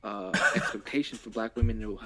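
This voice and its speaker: A man's voice: lowish voice, fairly even intonation, a little fast, sharp tone, poor audio. A man on a casual chat stream who reads news quotes aloud and comments offhand.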